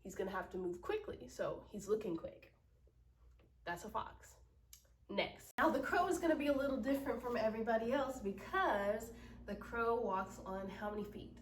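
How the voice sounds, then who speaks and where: A woman's voice: a little high, animated, a little hiss or hum. Patient woman teaching children acting. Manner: explains slowly and patiently, often asking "right?". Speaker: drama teacher. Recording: roomy echo, from mic distance.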